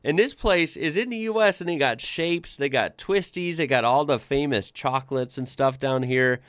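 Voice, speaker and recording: A man's voice: mid-range voice, moderate pace, fairly bright tone, no room sound, clean studio sound. A man hosting a casual reaction video, chatting with lots of fillers and laughing often.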